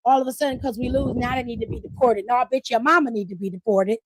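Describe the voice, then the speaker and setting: Woman stream host: high-pitched, animated, profane, dry close mic. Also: quick pace, no room sound. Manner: animated, profane, laughing, reads chat aloud. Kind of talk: casual live-stream wrestling recap.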